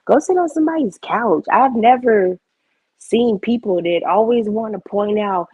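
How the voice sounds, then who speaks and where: Husky, lively young woman streamer. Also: a little high, unhurried, dry recording. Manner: animated, blunt, frequent cursing. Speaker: livestreamer. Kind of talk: casual livestream chat.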